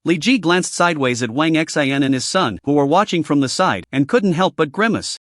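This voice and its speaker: A man's voice: a little high, animated, normal speed, a bit bright, no room sound. Dry-voiced male recap narrator.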